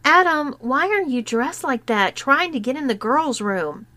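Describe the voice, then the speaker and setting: Woman reading as a disgusted teen girl, scornful, higher voice, storybook reading. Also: expressive, unhurried, bright, forceful tone, dry recording, exaggerated voice.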